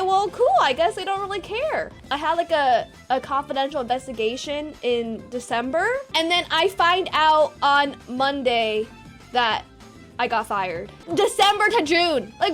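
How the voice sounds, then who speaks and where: Young woman streamer, high voice, animated storyteller who swears, faint music underneath. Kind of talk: casual storytelling to chat.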